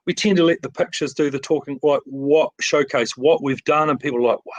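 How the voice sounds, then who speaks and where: Speaking at a moderate pace with a fairly high pitch, a middle-aged New Zealand man who owns a frame shop talks casually over a video call for an interview. He comes across as modest, rambling on with plenty of fillers and false starts, and the recording is rough.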